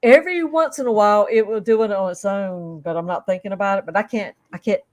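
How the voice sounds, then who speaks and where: Woman guest, casual storyteller, soft asides, dry close sound. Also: medium pitch, quick pace, no echo. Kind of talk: casual group chat.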